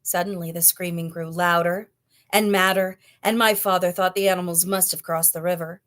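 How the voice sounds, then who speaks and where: A woman reading a children's novel aloud, with clear, expressive storytelling. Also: lowish voice, moderate pace. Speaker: storybook reader.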